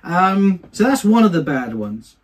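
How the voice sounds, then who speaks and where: A man, a singer, being interviewed and telling anecdotes from his career in a chatty, animated way. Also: high-pitched, unhurried, a little hiss or hum. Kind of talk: casual storytelling.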